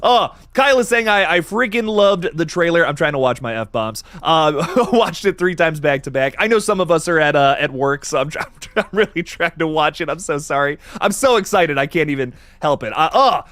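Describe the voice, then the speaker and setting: A man's voice: fairly high pitch, moderate pace, few pauses, dry recording. Hyped guy on a live horror stream, bouncy voice, laughs a lot, dry close sound. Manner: excitable, laughing, reads viewer comments aloud. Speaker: livestream host. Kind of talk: excited live horror-movie stream chat.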